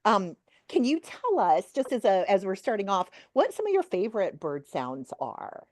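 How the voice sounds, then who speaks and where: A woman moderating a webinar, asking gentle questions in a friendly way. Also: medium pitch, very animated, normal speed, no room sound, clean studio sound.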